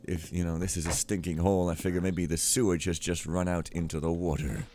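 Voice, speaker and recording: A man giving casual, rambling gameplay commentary, joking and often trailing off quietly. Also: low voice, little pitch movement, brisk, a little hiss or hum.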